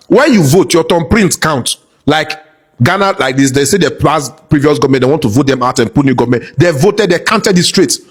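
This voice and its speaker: A husky Nigerian man with a fairly high voice, lively and storytelling as he speaks straight to his followers. His tone is casual and emphatic. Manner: animated, storytelling, acts out dialogue.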